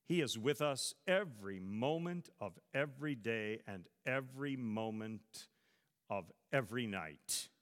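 A man's voice: medium pitch, animated, measured pace, a bit bright. A man preaching a Christmas sermon and leading a prayer, speaking dramatically with strong emphasis, in a church. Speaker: pastor. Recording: reverberant hall.

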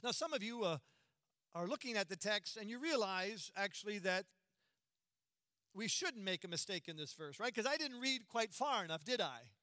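A man preaching a sermon in an earnest, emphatic way, slowing down and dropping to a hush on key words. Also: sits high, animated, no room sound, studio quality.

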